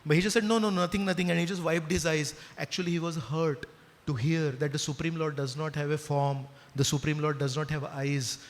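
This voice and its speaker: A man with an Indian accent gives a devotional talk, telling a story and asking his listeners questions. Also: on the high side. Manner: animated storyteller, asks the audience questions. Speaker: spiritual speaker. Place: temple hall with listeners. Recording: long reverb of a hall.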